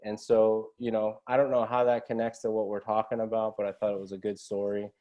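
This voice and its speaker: With a fairly low, level, dark voice, a man speaks briskly over dull-sounding audio. As a podcast guest, he tells a story in casual, earnest, motivational fashion. He often caps phrases with a questioning "right?".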